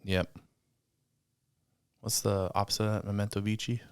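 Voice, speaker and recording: A man with a very low voice co-hosting a casual podcast. He rambles through explanations, thinking aloud as he goes, and the sound is close and dry with no room echo. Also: little pitch movement, moderate pace, clean tone. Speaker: podcast co-host. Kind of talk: casual chat.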